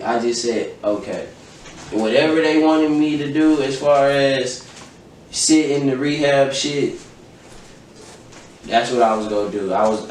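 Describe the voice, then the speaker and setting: Profane young man, echoey far-off mic. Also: mid-range voice. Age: young adult. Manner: profane, emphatic, recounting events with quoted dialogue. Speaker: podcast host. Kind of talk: casual storytelling chat. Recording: very echoey room, distant mic, faint noise.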